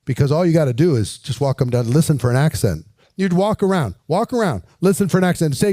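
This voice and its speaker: Man as a high-voiced, mellow recruiting coach, energetic and direct. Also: fast, no room sound. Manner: energetic, direct, coaxing questions. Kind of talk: coaching talk with acted pitch demos. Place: walking around while filming.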